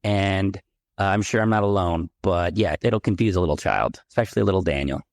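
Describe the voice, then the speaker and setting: A middle-aged man from the San Francisco Bay Area, a podcast guest telling his childhood story in a candid, animated way. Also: sits low, a little fast, dry recording, clean studio sound. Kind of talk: personal storytelling in a podcast interview.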